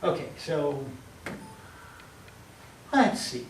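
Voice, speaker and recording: A man teaching calculus in a lively, playful way, acting out little scenes and correcting himself as he works. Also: on the high side, very slow. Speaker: math teacher. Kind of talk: calculus lecture at a board. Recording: roomy, distant mic, faint hum.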